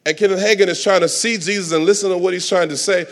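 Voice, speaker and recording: A man's voice: high voice, steady tone, fast talker. Preaching man, fiery and dramatic. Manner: dramatic, swings from soft asides to shouting. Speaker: pastor. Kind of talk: sermon.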